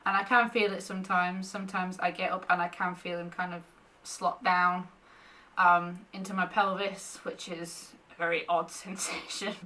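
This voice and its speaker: A woman's voice: fairly low pitch, little pitch movement, normal speed, sharp tone, distant mic. A young woman in pregnancy, chatting casually to camera and often short of breath, laughing between thoughts. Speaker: vlogger sharing pregnancy updates.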